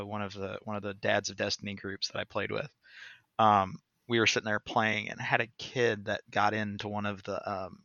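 A man's voice: fairly low pitch, vocal fry, sharp tone, no echo. A man on a podcast telling a casual story in a rambling way, with many fillers and restarts. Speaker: podcast co-host or guest. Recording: dull, lo-fi, dry.

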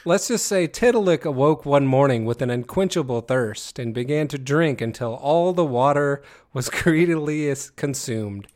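A man's voice: medium pitch, expressive, measured pace, darkish tone. A man hosting a casual guessing game, reading descriptions aloud, often laughing mid-sentence and stumbling over words. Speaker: game host.

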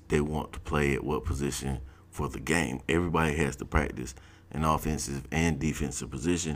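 A man with an extremely low, deep voice, telling a personal story in a relaxed, casual way. He talks in loose, slangy speech with plenty of fillers. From South Georgia, US. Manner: laid-back, slangy, laughs at his own story.

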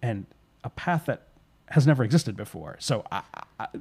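A man's voice: mid-range voice, slightly rough. A man casually retelling a spooky story, slipping into the characters' lines as he goes. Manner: relaxed, voices characters' lines in quick asides.

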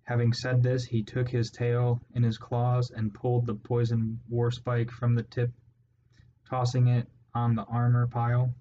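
A man narrates a storybook in a steady, measured way. His pitch barely moves. The recording sounds dull and lo-fi, with a faint hiss beneath it. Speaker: audiobook narrator.

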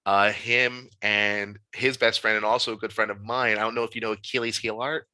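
A young man, a podcast guest, telling a candid, animated story in casual conversation with frequent fillers. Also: on the low side, a little fast, no echo, poor audio.

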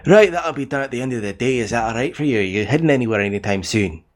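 A man's voice: on the high side, moderate pace, a little mellow, slightly rough, pitched above the performer's own voice. A man voicing a stern, one-legged male dwarf shopkeeper with a clipped, put-on accent over an online voice call. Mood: gruff.

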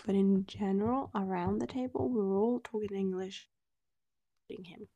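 A woman's voice: medium pitch, moderate pace, mellow, no echo. A woman co-hosting a podcast, telling a story in casual chat, with lots of "like"s as she acts out the quoted dialogue. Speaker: podcast co-host.

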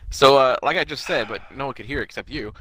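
A man's voice: mid-range voice, fast talker, bright, forceful tone, rough recording. A man co-hosting a podcast in casual chat, laid-back and teasing, with some swearing. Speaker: podcast co-host.

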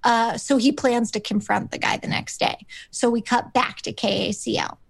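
A woman's voice: on the high side, fairly even intonation, normal speed, gravelly, no echo. A woman co-hosting a podcast, recapping a sitcom episode in a rambling, casual way with lots of fillers, acting out the characters' lines. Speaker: podcast co-host.

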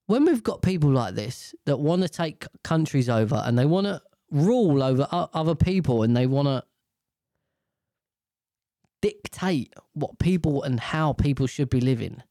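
A man's voice: on the high side, very animated, normal speed, dark tone, no echo, clean studio sound. Profane British man ranting. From United Kingdom. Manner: profane, rambling, opinionated. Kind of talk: casual ranting monologue.

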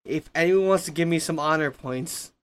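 A man's voice: fairly high pitch, moderate pace, slight background noise. A young man playing a tabletop game, swearing and complaining with mock drama. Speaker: player. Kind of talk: casual gaming banter.

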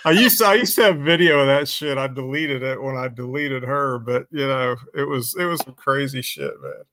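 A man's voice: medium pitch, normal speed, noisy background. A man in a casual livestream chat, rambling with lots of fillers and crude language. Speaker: podcast co-host.

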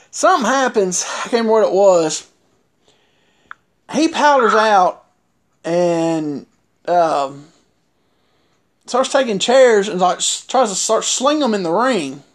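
A man's voice: high-pitched, very animated, slow, pauses often. Rambling man telling a story. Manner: rambling, many fillers and restarts. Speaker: wrestler. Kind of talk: casual storytelling.

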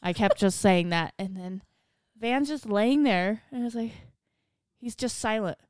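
A woman co-hosting a podcast, telling everyday stories in a casual, animated way. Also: mid-range voice, a little slow, smooth, dry recording. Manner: animated anecdote teller, voices others in her stories. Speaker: podcast co-host. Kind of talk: casual chat, storytelling.

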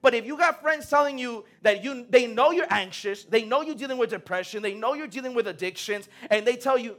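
A young man preaching in a relaxed, conversational way, full of slang and acted-out quotes. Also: extremely high pitch, fairly quick, few pauses. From United States. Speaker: pastor. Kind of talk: sermon.

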